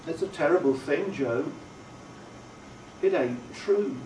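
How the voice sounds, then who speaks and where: A man voicing an ashamed young boy who talks quietly and hesitantly. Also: on the high side, expressive, slow pace, a little hiss or hum. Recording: roomy, distant, faint ambience.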